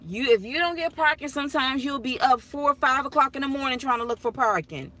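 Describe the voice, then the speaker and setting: A woman talks to her viewers from the driver's seat of her car, spinning animated stories with frequent laughter. Her voice sits high, with a bright, sharp edge. The tone is casual and chatty throughout. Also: a little fast. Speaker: vlogger talking to viewers. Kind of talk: casual chat while driving. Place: inside a car.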